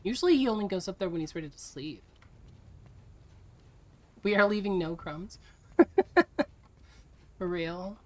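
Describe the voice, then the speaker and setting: A woman's voice: mid-range voice, lively intonation, a little mellow. Exasperated woman streamer chatting to viewers. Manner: exasperated, teasing, quick to laugh. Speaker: video game streamer. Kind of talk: casual live-stream chat with viewers.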